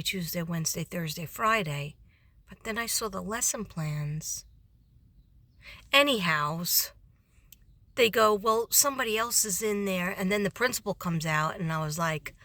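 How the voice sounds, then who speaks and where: A chatty, tired woman rambling through a story about her workday. Her voice is bright and a little forceful, recorded close and dry with no room sound. She laughs often and slips into higher voices when quoting people. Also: no room sound. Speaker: substitute teacher vlogger. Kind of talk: casual storytelling vlog.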